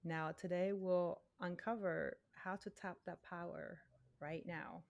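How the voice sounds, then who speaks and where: A woman with a gravelly, creaky voice speaks very slowly, pausing as she thinks. Her voice sits on the lower side. She hosts a podcast in casual conversation. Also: steady tone, a little mellow, muffled recording. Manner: slow and thoughtful, with pauses. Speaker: podcast host.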